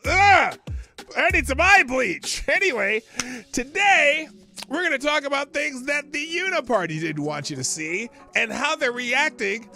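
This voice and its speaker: A man's voice: on the high side, bright, forceful tone. A middle-aged man hosting a live commentary stream, rambling in a casual, chuckling way with sing-song asides. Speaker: host of a live commentary show.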